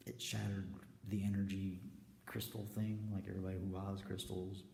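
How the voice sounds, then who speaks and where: A man giving a rambling spiritual confession, slipping between hushed whispers and loud declarations, recorded in a stairwell. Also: low voice, little pitch movement, moderate pace, creaky, slight background noise. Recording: echoey stairwell with long reverb.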